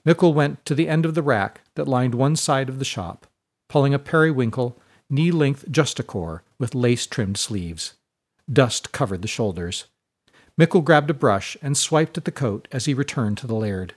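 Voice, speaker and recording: Man reading a story aloud, measured. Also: mid-range voice, lively intonation. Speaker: narrator. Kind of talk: scripted story narration.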